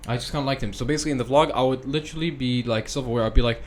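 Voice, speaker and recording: Young man, podcast guest, fast casual chat, mid-pitched, filler-heavy. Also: steady tone, slight background noise. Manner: chatty, filler-heavy, lots of "like".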